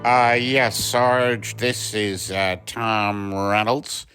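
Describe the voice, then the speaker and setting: A hoarse man playing a confused, bumbling patrol cop in a comedy sketch, hesitant and full of uhs. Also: lowish voice, fairly even intonation, very slow, music in the background. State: hoarse from bronchitis.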